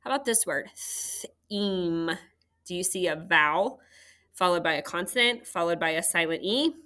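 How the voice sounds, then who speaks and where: A woman's voice: on the low side, animated, fairly quick, sharp tone. A woman teaching a third grade phonics lesson, patiently sounding out words for students at home.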